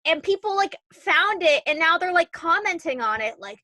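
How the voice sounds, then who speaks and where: A young woman co-hosting a podcast, chatting casually with lots of "like" and animated retellings. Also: very high-pitched, moderate pace, hardly any pauses, dry recording. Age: young adult. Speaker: podcast co-host. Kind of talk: casual chat.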